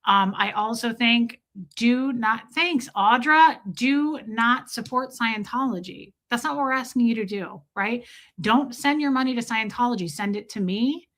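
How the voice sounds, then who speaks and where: A middle-aged woman hosting a casual livestream, her voice hoarse and worn, making sardonic, profane asides. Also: fairly high pitch, fairly bright tone. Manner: sardonic, profane, slow drawn-out singing between quick asides. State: hoarse, voice worn from a long call. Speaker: livestream host. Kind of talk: casual livestream chat with mock singing.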